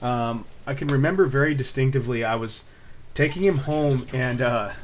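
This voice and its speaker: A man in his twenties talks straight to the camera in a loose, meandering way. He fills gaps with ums and swears freely, at an everyday middle pitch. A faint hum of noise sits under his voice. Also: normal speed. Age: 20s. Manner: rambling and laid-back, with frequent fillers and swearing. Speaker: vlogger. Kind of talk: casual storytelling to camera.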